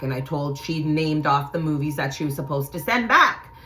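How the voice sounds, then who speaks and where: A woman's voice: low-pitched, normal speed, a little hiss or hum. Blunt, profane woman telling a story. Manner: blunt and profane, acts out quotes with sudden loud shouts. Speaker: channel host telling a personal story. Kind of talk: casual storytelling to viewers.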